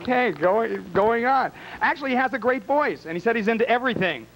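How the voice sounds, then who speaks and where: Male emcee, high-pitched, campy, teasing, live bar show. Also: expressive, brisk, a bit bright, poor audio. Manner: teasing, wisecracking. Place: small bar with a live audience.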